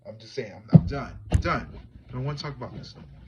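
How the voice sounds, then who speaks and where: A man who is a psychic tarot reader, telling a story to his livestream viewers in a casual, animated way, swinging from hushed to loud. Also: mid-range voice, fast, dull audio, heavy background noise.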